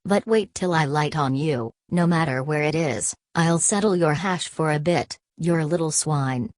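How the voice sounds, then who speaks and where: A woman's voice: low-pitched, measured pace, a little mellow, no echo, clean studio sound. A woman voicing a brawny working-class smith who threatens and sneers, dropping his word endings. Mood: furious.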